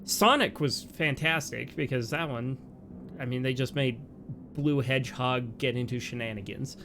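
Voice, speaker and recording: Co-hosting a let's play, a man with a mid-range voice chats casually through the gameplay at a moderate pace, with background noise behind him. He is animated, laughs often, and talks in bursts with plenty of "like"s between his points.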